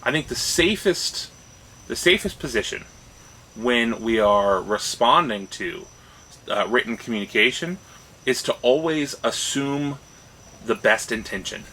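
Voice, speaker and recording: On a low-quality recording with slight background noise, a man co-hosting a casual discussion show speaks in an expressive, unhurried, mid-range voice that's bright and forceful. He's thoughtful, restarts phrases, and often asks a rising "right?".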